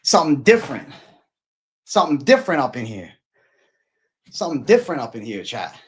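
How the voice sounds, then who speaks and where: A man's voice: medium pitch, very animated, fairly quick, a little hiss or hum. A man hosting an MMA livestream in casual, profane, hyped chat full of slang.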